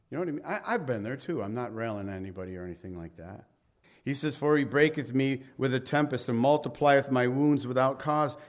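Animated man teaching the Bible. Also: mid-range voice, a little fast. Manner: animated, reads scripture aloud then paraphrases it conversationally.

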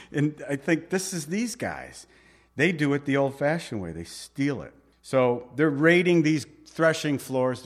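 A man preaching a Bible sermon in a conversational, informal way, with asides to the listeners. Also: mid-range voice. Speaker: pastor.

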